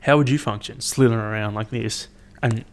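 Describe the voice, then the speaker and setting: A young man hosting his own podcast, chatting in a rambling, profane, animated way as he tells stories. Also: fairly low pitch, fairly quick. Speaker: podcast host. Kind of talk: casual solo podcast chat.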